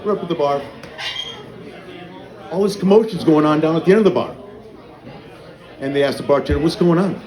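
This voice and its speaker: A man's voice: on the high side, expressive, brisk, long pauses, darkish tone. A man doing a crude stand-up set at an open mic night in a small bar, telling stories and acting out dialogue. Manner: crude, profane storytelling with acted-out dialogue. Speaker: stand-up comedian. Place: small bar with a live audience. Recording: echoey room, audience noise. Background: crowd reacting.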